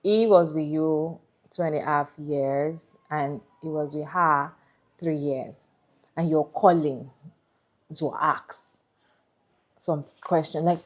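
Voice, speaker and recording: Woman, very low voice, opinionated commentary, pauses to think. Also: fairly even intonation. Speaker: commentator reacting to a story. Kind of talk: casual commentary.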